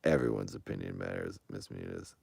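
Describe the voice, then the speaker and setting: Deep, gravelly-voiced man chatting defensively. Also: a little fast, a little mellow, dry recording. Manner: rambling and defensive, with frequent restarts. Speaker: streamer answering viewer comments. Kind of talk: casual chat to an online audience.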